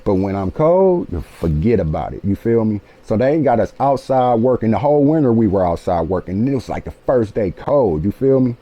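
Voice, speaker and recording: A man in his late forties spins a personal story, animated and loose with profanity. He keeps checking in with his listeners. His voice sits low and mellow, with a dark, relaxed tone. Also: a little fast, few pauses, dull audio. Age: 40s. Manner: animated, profane, keeps asking "you feel me". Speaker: author telling his life story. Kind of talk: casual storytelling.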